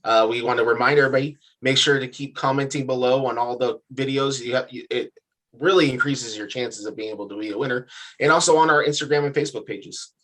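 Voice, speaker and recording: A man's voice: medium pitch, steady tone, a bit bright. Easygoing joking man co-hosting. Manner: easygoing, quick joking asides. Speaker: co-host. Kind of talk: casual review chat.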